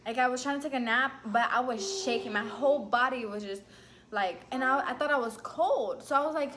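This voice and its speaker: Woman, vlogger, casual storytelling, chatty, lots of "like", slightly high voice. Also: fairly quick, a little hiss or hum. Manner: lively, chatty, full of "like" and "you know"; acts out her own past lines with big jumps in pitch.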